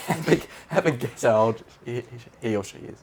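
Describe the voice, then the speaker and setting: A young man co-hosting a podcast, relaxed and loose, sprinkling in swear words and chuckling at his own anecdotes. His voice has a middle pitch, with faint noise and small clicks in the background. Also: moderate pace. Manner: laid-back, swears casually, laughs at his own stories. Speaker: podcast co-host. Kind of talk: casual chat.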